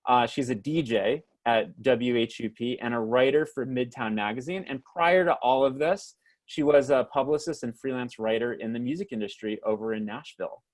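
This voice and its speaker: A man's voice: medium pitch, normal speed. A man hosting and moderating a webinar over a video call, introducing guests with many fillers and stumbles.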